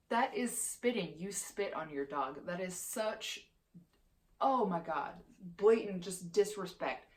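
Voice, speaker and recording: A woman's voice: lowish voice, expressive, slow pace, long pauses. A woman in her twenties ranting as a vlogger, heated and profane, swearing constantly. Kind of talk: heated opinion rant.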